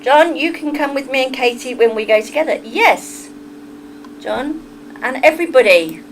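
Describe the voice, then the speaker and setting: A woman's voice: sits high, lively intonation, moderate pace, slight background noise, rough recording. An English woman hosting a livestream, chatting casually with her viewers, laughing often and drifting onto tangents. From England. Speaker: livestream host. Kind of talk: casual chat reading a live chat.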